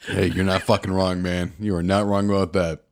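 A tired podcast host, short on sleep, speaks in a low, level voice at a moderate pace. His casual banter is blunt, combative and profane.

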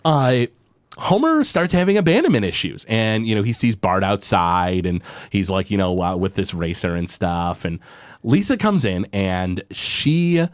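A man's voice: on the low side, very animated, unhurried, smooth, no room sound. A man co-hosting a podcast, casually recapping a cartoon episode and slipping into playful voices as he retells scenes. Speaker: podcast co-host.

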